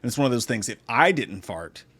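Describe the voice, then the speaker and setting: A man's voice: mid-range voice, very animated, brisk, a bit bright, breathy edge. Sarcastic, foul-mouthed man reviewing a film. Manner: sarcastic, profane, swings into mocking impressions. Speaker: movie review host. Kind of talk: casual comedic film review.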